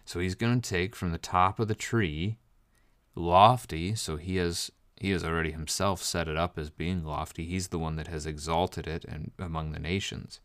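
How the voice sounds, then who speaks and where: A man preaching a Bible study sermon, explaining scripture with emphatic, measured delivery and reading verses slowly. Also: low voice, fairly even intonation, a bit bright, no room sound.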